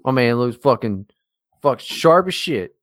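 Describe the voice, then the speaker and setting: A man's voice: medium pitch, lively intonation, moderate pace, fairly bright tone. A man co-hosting a podcast, talking in casual, profane, mocking banter. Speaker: podcast co-host.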